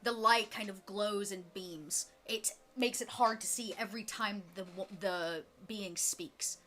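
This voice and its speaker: A woman narrating a tabletop role-playing game as game master, descriptive and quick to laugh. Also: mid-range voice. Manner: lively, descriptive, laughs often.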